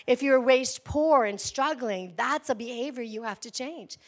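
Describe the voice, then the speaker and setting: A woman pastor in her forties preaching an energetic, conversational sermon with frequent call-outs to the congregation. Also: high-pitched, measured pace.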